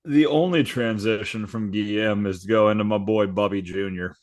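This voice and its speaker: A man's voice: lowish voice, normal speed. A man co-hosting a comedy podcast, bantering playfully and laughing often. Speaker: podcast co-host. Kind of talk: casual comedic chat.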